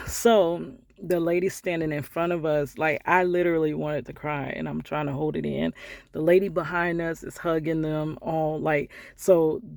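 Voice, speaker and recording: A middle-aged woman vlogger telling a personal story in a heartfelt, conversational way, sometimes dropping to hushed asides. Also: sits low, little pitch movement, normal speed, gravelly, dry recording, studio quality.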